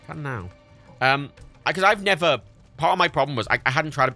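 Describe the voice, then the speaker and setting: A man chatting casually while streaming a video game, swearing freely and jumping high in pitch when indignant. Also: lively intonation, fairly quick, sharp tone, faint music behind. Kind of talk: casual gaming stream chat.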